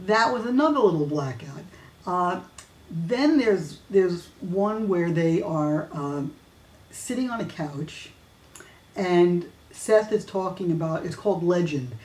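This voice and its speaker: A woman hosts a weekly fan news videocast, chatting casually with lots of fillers and restarts. Her lowish voice has a darkish tone, and she speaks slowly and expressively. The recording carries a roomy echo.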